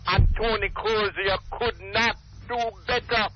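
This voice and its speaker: An older Jamaican man talks through a radio call-in line, his voice pitched high and his speech emphatic and rambling. He repeats himself as he presses his points. The line is muffled, with a faint hiss underneath. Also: steady tone, a little slow. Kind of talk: impassioned call-in talk.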